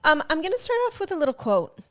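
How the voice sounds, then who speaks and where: A woman in her forties co-hosts a casual podcast, teasing her friend in a playful, giggly way. Her voice sits a little high and swoops up and down with lively energy. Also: fast talker. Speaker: podcast co-host. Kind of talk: casual chat.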